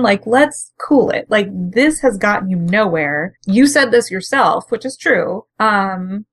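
A woman's voice: mid-range voice, slow, few pauses, no echo. A woman co-hosting a podcast, chatting casually and acting out characters' lines as she recaps a comic. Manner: animated, acts out characters' lines while retelling. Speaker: podcast co-host.

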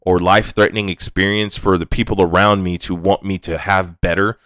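A man's voice: low-pitched, steady tone, a little fast, a bit bright, no room sound, clean studio sound. A young adult man hosting a casual, rambling, candid monologue, with frequent restarts and swearing. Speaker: podcast host.

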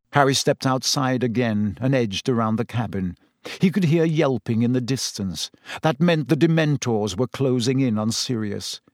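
Brief: male audiobook narrator, mid-pitched, measured, close and bone-dry. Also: no echo. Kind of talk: scripted narration.

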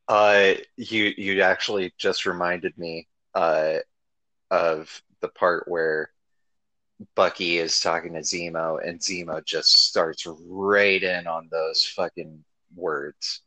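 Deep-voiced man, slow and bright-toned, excitable fan, casual podcast co-host. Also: no room sound, low-quality recording. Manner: enthusiastic fan, swears freely. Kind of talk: casual chat.

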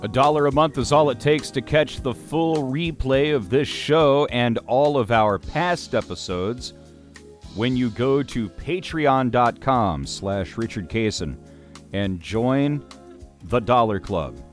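A man's voice: mid-range voice, lively intonation, slow, soft background music. A man hosting a talk radio show, delivering a sarcastic, opinionated monologue with mocking put-on voices.

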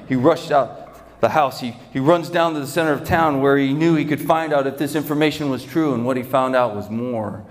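A man preaching as a pastor in a church, retelling a story dramatically and vividly with repeated phrases. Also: medium pitch. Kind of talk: sermon storytelling. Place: church sanctuary. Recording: long church hall reverb.

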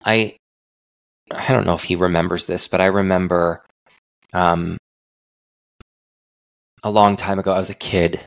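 A man's voice: sits low, steady tone, unhurried, creaky, pauses often, clear, resonant tone, dry recording. A young adult man hosting a solo podcast, talking in an earnest, reflective way with frequent restarts. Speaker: podcast host.

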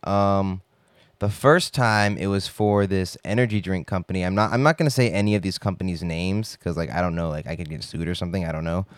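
A man's voice: on the low side, no echo. A young man rambling in a casual, profane monologue full of filler words.

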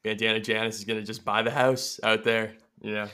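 A man's voice: on the low side, level tone, a little fast, bright, forceful tone, clear, resonant tone. A man co-hosting a casual podcast, joking in a laid-back way. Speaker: podcast co-host.

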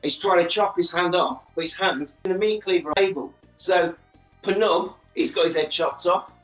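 A man's voice: sits high, normal speed, fairly bright tone, echoey room, faint music behind, poor audio. Man retelling a film. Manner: storytelling, acting out characters' lines. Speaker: podcast co-host. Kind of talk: casual film recap.

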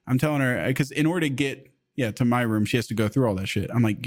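A man in his thirties chatting casually on a podcast, telling profane stories with lively impressions of others. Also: fast talker. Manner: profane, animated storyteller, acting out others' lines in a high voice. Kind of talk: casual chat, storytelling.

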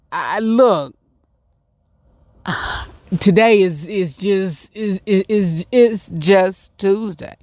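A man's voice: sits high, smooth, no room sound, clean studio sound. A man from North Carolina with a Southern accent, chatting casually as host of his own show, repeating himself and laughing often. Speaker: podcast host. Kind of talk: casual solo chat.

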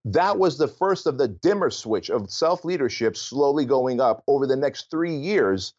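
A man's voice: mid-range voice, expressive, moderate pace, a little mellow, lo-fi sound. A man who is a guest on a podcast interview, telling his own story in a candid, earnest way. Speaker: guest, author and business owner.

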